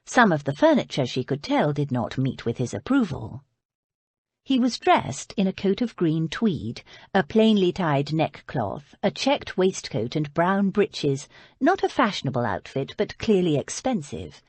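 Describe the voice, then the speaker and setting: Audiobook narrator, woman: low, husky, lively expressive reading, dry close mic. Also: no echo. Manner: expressive storytelling. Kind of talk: scripted narration.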